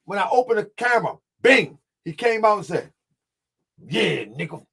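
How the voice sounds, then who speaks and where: High-voiced man hosting indignant commentary. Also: animated, a little fast, fairly bright tone. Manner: indignant, mocking, talks to his viewers. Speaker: channel host. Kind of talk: commentary reacting to a clip.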